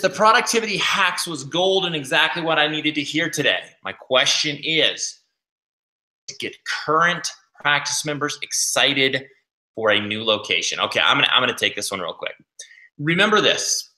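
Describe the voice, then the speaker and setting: A man with a very bright, forceful voice and a slightly high pitch, hosting an energetic coaching talk. He is animated and acts out quoted patients with big jumps in pitch. The sound is roomy and echoey. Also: normal speed. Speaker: host.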